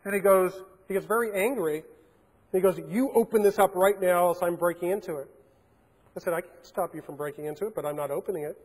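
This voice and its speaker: A man's voice: high voice, quick pace. A man giving a keynote talk, telling a story and acting out the dialogue in a large conference hall. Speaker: keynote speaker.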